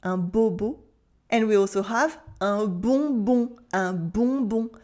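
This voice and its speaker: A French woman teaching pronunciation in English with a French accent, enunciating slowly and carefully and prompting the listener to repeat after her. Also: mid-range voice, a little mellow. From France. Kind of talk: pronunciation lesson.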